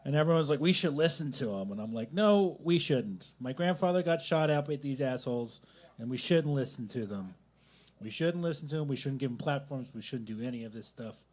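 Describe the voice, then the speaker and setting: A man's voice: mid-range voice, brisk, darkish tone. A young man doing a rambling, self-deprecating stand-up set at a coffee shop open mic, with angry asides.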